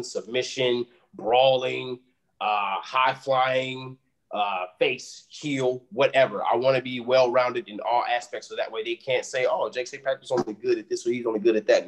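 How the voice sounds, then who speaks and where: A man from Illinois, a pro wrestler, chatting casually as a podcast guest and laughing often. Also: medium pitch.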